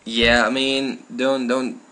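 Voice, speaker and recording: A man's voice: mid-range voice, little pitch movement, slow pace, music in the background. German man swearing at a strategy game. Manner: swears often, talks to the game in frustrated outbursts. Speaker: gamer. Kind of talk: live gameplay commentary.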